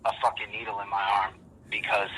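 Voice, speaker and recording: A man's voice: lowish voice, little pitch movement, a little fast, pushed and bright, breathy edge, poor audio. A man on a casual podcast who rambles intensely and restarts his words often. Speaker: podcast guest.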